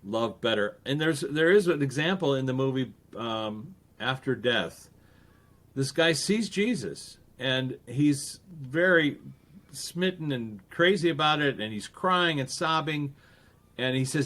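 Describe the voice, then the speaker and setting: As a guest on a podcast, a man with a mid-range voice chats in a casual interview, animated and quick to act out the voices of people he quotes, often restarting his sentences.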